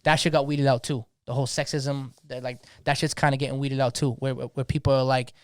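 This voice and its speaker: A man's voice: mid-range voice, little pitch movement, fast, clear, resonant tone, no echo, clean studio sound. A young man, talking passionately in a slangy, casual podcast conversation, often repeating words as he gets going. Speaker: DJ guest.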